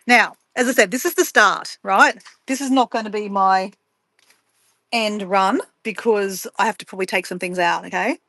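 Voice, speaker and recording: A woman's voice: mid-range voice, moderate pace, sharp tone, no echo. A woman, a travel vlogger chatting casually and playfully with livestream viewers while she packs. She laughs often and talks to herself as she goes. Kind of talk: casual livestream chat reading viewer comments.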